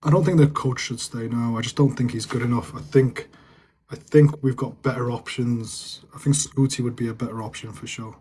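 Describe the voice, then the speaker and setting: On a live stream, a young northern English man from England talks loosely and chattily, repeating himself as he responds to viewers' comments. He speaks fairly quickly in a steady, mellow, medium-pitched voice with a breathy edge.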